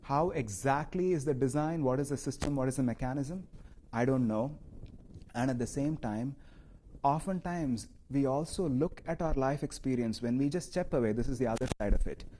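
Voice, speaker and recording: A man teaching at a meditation center, giving a relaxed, conversational spiritual talk with audience questions, often laughing and saying "you know". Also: mid-range voice, normal speed, slight background noise.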